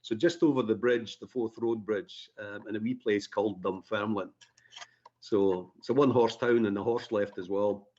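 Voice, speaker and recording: A man's voice: fairly low pitch, fairly even intonation, moderate pace, a little mellow, muffled recording. A man from Scotland with a Scottish accent, a guest on a radio interview, telling stories with plenty of fillers and dry jokes. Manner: chatty, self-deprecating storyteller with many fillers.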